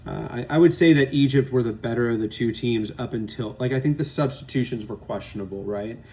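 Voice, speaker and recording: This young man hosts a sports podcast, offering loose, opinionated solo commentary on football matches while rambling and swearing often. His voice is medium in pitch, brisk, and a little mellow.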